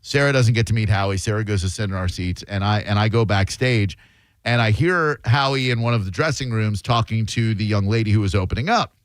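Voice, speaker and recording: Male radio host, storyteller, lively delivery, dry studio sound. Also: lowish voice, fairly quick, dry recording. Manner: animated, does voices in his stories.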